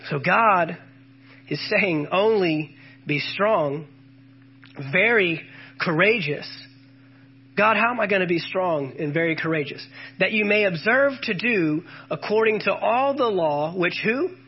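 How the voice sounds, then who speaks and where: A man's voice: high-pitched, expressive, moderate pace, slightly rough, dull audio. A man preaching a sermon, quoting scripture with emphasis and calling out questions to the congregation.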